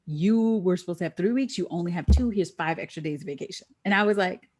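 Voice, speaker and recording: A middle-aged woman guest telling a lively story in a podcast interview, acting out the voices of the people she quotes. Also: fast. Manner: animated, acts out quoted voices with big pitch jumps.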